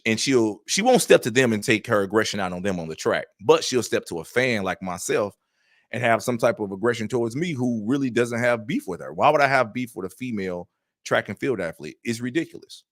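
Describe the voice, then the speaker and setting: A man's voice: medium pitch, sing-song, quick pace, a bit bright, no echo, clean studio sound. A man giving casual, blunt commentary straight to his viewers while recounting messages. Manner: blunt, conversational, addresses viewers directly. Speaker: online track and field commentator.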